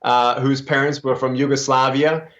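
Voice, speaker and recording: A man's voice: mid-range voice, steady tone, normal speed, a bit bright. Aussie guy in his thirties, upbeat and earnest, kinda muffled audio. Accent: Australian. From Australia. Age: 30s. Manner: earnest, upbeat, with many fillers. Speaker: guest, motivational speaker. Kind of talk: interview answers.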